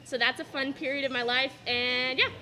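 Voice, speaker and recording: In a school cafeteria, a young student athlete says goodbye with an emotional thank-you speech, choking back tears and letting out nervous laughs between lines. Her high voice is pushed and bright, her intonation fairly even, and her pace fairly quick.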